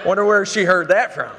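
In an echoey church sanctuary, a middle-aged preacher spins humorous family tales, dropping a Southern "y'all." His voice is high-pitched and sharp, with a little hiss or hum in the recording.

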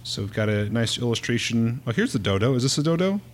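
A man hosting a relaxed chat, moving things along and describing magazine pages plainly. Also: medium pitch, quick pace. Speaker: podcast host. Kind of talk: casual group chat.

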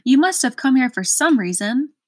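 A woman's voice: high-pitched, expressive, normal speed, a little mellow, dry recording. A woman voicing a pompous, impatient male gatekeeper with an officious manner.

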